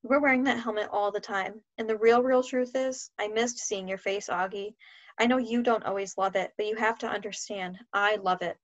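A woman voicing a warm, joking middle-aged father who speaks softly and apologetically in a read-aloud story. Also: mid-range voice, steady tone, moderate pace, natural voice. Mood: tender. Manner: soft, tender, apologetic. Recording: dull lo-fi sound.

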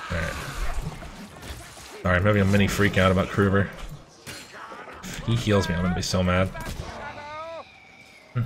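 A man playing a video game and commenting as he plays, swearing and shouting at the game, then rambling through a story. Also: sits low, moderate pace, pauses often, a little hiss or hum. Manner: profane, excitable outbursts at the game; chatty, rambling anecdotes. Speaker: gamer.

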